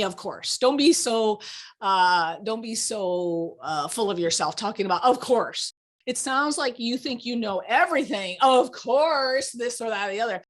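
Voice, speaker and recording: A woman law professor giving a lecture, animated and exasperated, teasing her students. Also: a little high.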